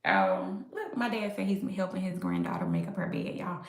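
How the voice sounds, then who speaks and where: An upbeat, animated woman hosting a casual live stream from home, talking straight to her viewers. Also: lowish voice, moderate pace, gravelly. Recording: echoey room.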